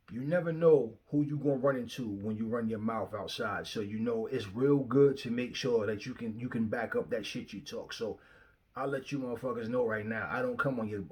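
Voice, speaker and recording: Talking into a phone pointed at him, a young adult channel host rants heatedly to camera. His voice is medium-pitched and a little mellow, yet his delivery is confrontational and profane, with frequent repetition.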